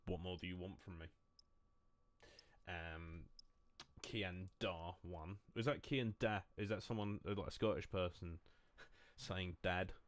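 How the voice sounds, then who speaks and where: A man's voice: deep voice, steady tone, takes it slowly, dry recording. A young man streaming from home, chatting casually to his viewers in a rambling, self-mocking way. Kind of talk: casual live-stream chat.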